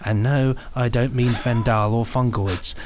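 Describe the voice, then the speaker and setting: A man co-hosting a podcast, chatting casually and reading out listener emails in a relaxed, teasing way. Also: medium pitch, a little slow, slight background noise. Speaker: podcast co-host.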